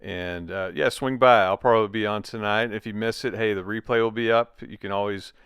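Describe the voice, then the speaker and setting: A man's voice: lowish voice, fairly even intonation, a little fast, a bit bright, clean tone, no echo, studio quality. A middle-aged man with a Southern American accent, co-hosting a casual chat in a laid-back, joking way. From Virginia. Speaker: co-host.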